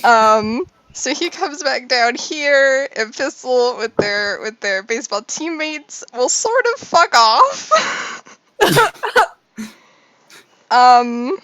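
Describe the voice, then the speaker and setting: A woman's voice: high-pitched, sing-song, drawn-out words, pushed and bright, dry recording. A woman narrating a tabletop game as game master, rambling through descriptions with many fillers.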